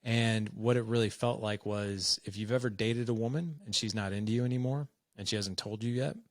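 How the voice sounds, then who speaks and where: A man's voice: lowish voice, fairly even intonation, fairly quick, dry recording. A man in his forties, a podcast guest, telling a personal story in a frank, conversational way and acting out the dialogue. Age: 40s.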